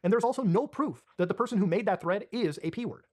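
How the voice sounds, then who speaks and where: Rapid, lively documentary narrator. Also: mid-range voice.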